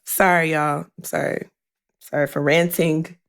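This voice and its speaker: A woman's voice: sits low, level tone, unhurried, creaky, smooth. A woman with hosting a career podcast, speaking bluntly and animatedly to her listeners and swearing freely as she coaches them. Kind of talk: casual podcast monologue.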